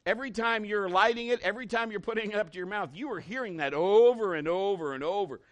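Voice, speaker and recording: Male pastor, high voice, folksy storytelling sermon, emphatic on scripture. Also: quick pace. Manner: folksy, conversational preaching with acted-out stories.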